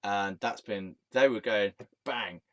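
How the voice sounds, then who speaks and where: A man rambles through a personal monologue, swearing freely and often laughing at himself. His voice sits fairly low and the sound is close and dry. He talks like a vlogger chatting straight to camera. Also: lively intonation, normal speed, no room sound. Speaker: storytelling vlogger.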